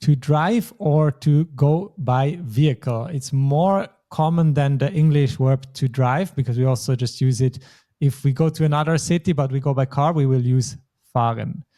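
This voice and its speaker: A man's voice: medium pitch, normal speed, dark tone. A man teaching a language lesson, explaining patiently step by step. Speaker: German teacher.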